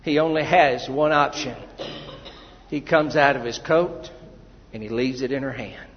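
Booming preacher in a reverberant hall. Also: male voice. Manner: swings from quiet storytelling to loud, drawn-out exhortation. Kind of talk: sermon. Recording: dull, lo-fi with long hall reverb.

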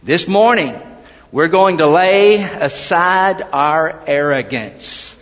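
A man's voice: on the high side, animated, takes it slowly. A man preaching a sermon in a church, earnest and folksy with self-deprecating asides. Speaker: pastor. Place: church sanctuary. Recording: dull, long-reverb church hall.

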